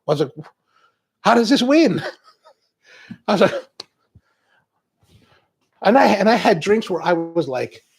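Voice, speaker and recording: A man hosting a coffee show, chatting with viewers and telling animated stories. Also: sits high, breathy edge. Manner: animated storytelling, acts out quoted exchanges. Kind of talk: live-stream chat with viewers.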